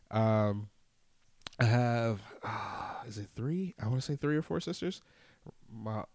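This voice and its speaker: A man's voice: lowish voice, no echo. A young man, hosting a podcast and telling a candid personal story in a casual monologue. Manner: candid, storytelling with animated acted-out quotes and swearing. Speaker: podcast host.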